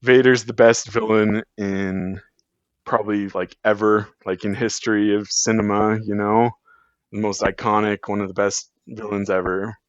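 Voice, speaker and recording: A man's voice: on the low side, little pitch movement, moderate pace, no echo. Guy rambling on a podcast, lots of likes and ums, dry dull lo-fi sound. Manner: rambling, many fillers and restarts. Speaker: podcast guest. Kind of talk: casual chat.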